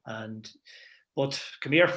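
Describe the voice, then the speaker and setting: A middle-aged football manager reminiscing in a casual interview, rambling with plenty of "you know" and restarts. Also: male voice, mid-range voice, takes it slowly, a bit bright, muffled recording.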